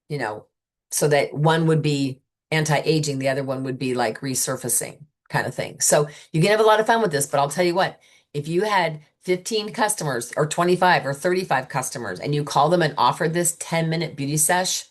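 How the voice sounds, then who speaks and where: A chatty, enthusiastic woman with a low voice talks sales consultants through a booking idea. She is middle-aged and relaxed, and she slips into quick acted-out customer chats. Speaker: sales trainer for beauty consultants. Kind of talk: casual coaching talk.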